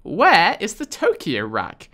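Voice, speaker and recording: A British man talks through a video game, his voice bright and forceful. His pitch swings widely up and down. He answers the game with dry sarcasm and mounting exasperation. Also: big pitch swings, moderate pace. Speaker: gaming video host. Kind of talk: casual gameplay commentary.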